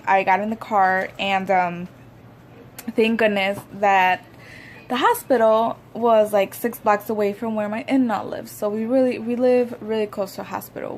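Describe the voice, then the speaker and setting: A woman's voice: a little high, a little hiss or hum. A young woman vlogger telling a personal story in a rambling, conversational way, with many fillers. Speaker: YouTuber. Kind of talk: casual storytime vlog.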